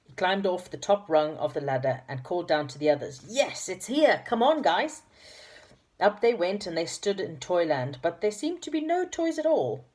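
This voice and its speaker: Low-voiced lady reading a kids storybook, affectionate. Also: big pitch swings, a little fast, few pauses. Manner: warm, affectionate with listeners. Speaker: reader of children's stories.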